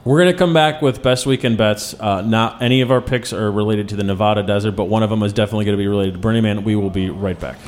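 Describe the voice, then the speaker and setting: A man's voice: on the low side, steady tone, quick pace, hardly any pauses, slight background noise. A man in his thirties from Chicago hosting a radio show in casual, joking, self-mocking chat. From Chicago, USA.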